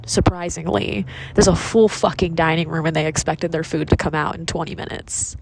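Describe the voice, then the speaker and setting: A woman's voice: low voice, fairly even intonation, normal speed, vocal fry, noisy background. A young woman venting in a casual vlog, chatty and sarcastic with frequent swearing, filmed outdoors in cold woods on a handheld phone. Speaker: vlogger. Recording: faint outdoor ambience.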